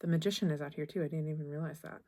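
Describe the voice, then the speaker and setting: A young woman giving a tarot reading to camera, gentle and reassuring, halting often and restarting her phrases. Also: deep voice, fairly even intonation. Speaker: tarot reader.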